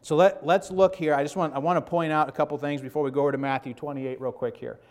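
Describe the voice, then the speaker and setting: A man's voice: fairly high pitch, fairly even intonation, quick pace, a little mellow. A man in his fifties preaching a sermon to his congregation, conversational and emphatic, checking in with "okay?" and "right?" asides. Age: 50s. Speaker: pastor.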